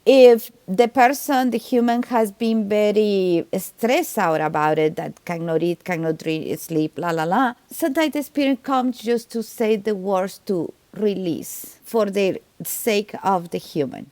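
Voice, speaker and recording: Woman, foreign accent, animated storyteller, pitch jumps, high voice, dry close recording. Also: dry recording. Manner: animated, sudden pitch jumps, laughs often. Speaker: medium and tarot reader, guest. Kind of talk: casual podcast storytelling.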